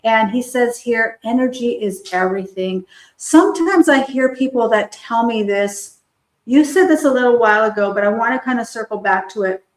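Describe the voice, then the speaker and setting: A woman's voice: on the high side, normal speed. A woman hosting a live online talk show, upbeat and cheering her guest on. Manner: enthusiastic, cheering. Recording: roomy echo.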